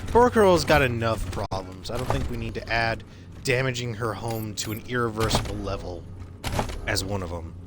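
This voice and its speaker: A man streaming a game live, commenting excitedly and swearing often. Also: fairly low pitch, normal speed. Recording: noisy stream audio.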